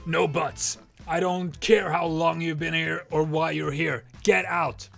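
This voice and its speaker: A man's voice: fairly high pitch, level tone, unhurried, gravelly, a bit bright, soft background music, exaggerated voice. A man voicing a firm male shop cashier who orders a rude customer out of the store. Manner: firm, no-nonsense.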